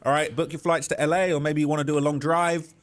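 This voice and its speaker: A man's voice: fairly high pitch, level tone, fast talker. A man hosting a live stream, giving commentary in an indignant, sarcastic rant.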